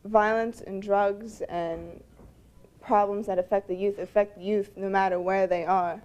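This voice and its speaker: A woman making a measured, slightly hesitant comment at a public forum. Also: medium pitch, steady tone, a little mellow, dull audio. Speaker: audience member.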